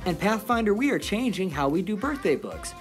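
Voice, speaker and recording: A woman making school morning announcements, explaining things slowly and plainly for young students. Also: mid-range voice, big pitch swings. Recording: clear music underneath.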